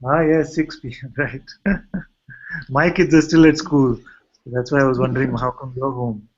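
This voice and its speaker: Gentle Indian-accented man teaching. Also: mid-range voice, fairly even intonation, unhurried, slightly rough, highs cut off. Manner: gentle, asks rhetorical questions. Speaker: spiritual teacher. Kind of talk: satsang talk and video-call chat.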